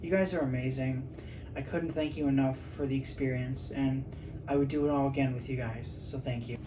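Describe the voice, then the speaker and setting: A man vlogging casually, earnest and grateful, talking haltingly with many fillers and restarts. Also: medium pitch, fairly even intonation, noisy background. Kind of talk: casual vlog talk.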